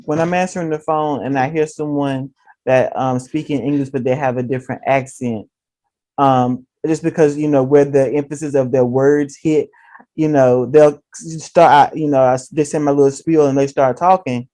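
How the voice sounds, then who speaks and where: A man in a casual chat, speaking in a measured, deliberate way as he explains. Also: medium pitch, fairly even intonation, mellow.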